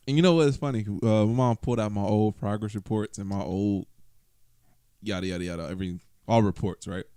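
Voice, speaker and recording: A man with a fairly low voice talks loosely on a podcast, chuckling and wandering from thought to thought. The sound is dry and close, with no room around it. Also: brisk, mellow, smooth, no echo. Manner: laid-back, chuckling, rambling. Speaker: podcast co-host. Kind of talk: casual chat.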